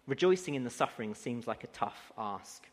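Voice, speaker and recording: A man's voice: medium pitch, expressive, moderate pace, husky. A man preaching a sermon who builds to emphatic, rising declarations. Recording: long hall reverb.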